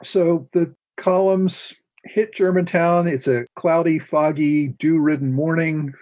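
A man's voice: a little high, steady tone, slow, no echo. A man hosting a podcast, setting the scene before asking his guest short questions. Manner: sets the scene, then asks short questions. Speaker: podcast host. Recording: dry, dull lo-fi audio.

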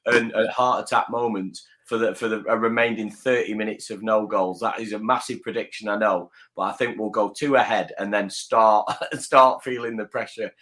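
A man's voice: lowish voice, fairly even intonation, normal speed, few pauses, fairly bright tone. A man, a podcast guest, making wry jokes and laughing. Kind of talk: casual chat.

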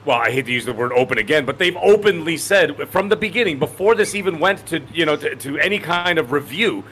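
A man's voice: on the high side, animated, fast, a bit bright, breathy edge. A man in his forties co-hosting a podcast in casual chat, rambling and emphatic, often correcting himself mid-sentence. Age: 40s. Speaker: podcast co-host.

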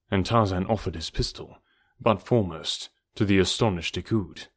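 A man narrating an adventure novel as an audiobook in a steady, measured storytelling manner. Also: low-pitched, breathy edge, no echo, clean studio sound.

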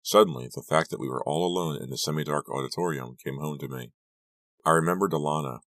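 A man with an extremely deep voice reads a first-person teen horror story. His delivery is steady and measured. The mic is close and the room is dead dry. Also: no room sound. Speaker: audiobook reader. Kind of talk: scripted first-person narration.

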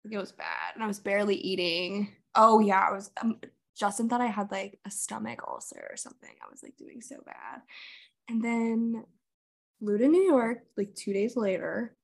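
A woman's voice: mid-range voice, moderate pace, vocal fry. Young woman, podcast co-host, loose chatty storyteller who swears freely. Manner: chatty storyteller, swears, says "like" and "literally" a lot. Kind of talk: casual chat.

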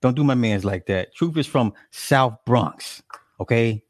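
A man's voice: mid-range voice, animated, unhurried, dry recording, studio quality. A man giving profane, mocking reaction commentary, stretching words out for emphasis.

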